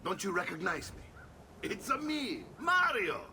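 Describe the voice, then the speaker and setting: An actor voicing a jolly, boisterous middle-aged uncle in a game cutscene. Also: male voice, high voice, very animated, a little slow, far from the mic, over a noisy crowd, full character voice. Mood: cheery. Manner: cheery, hearty.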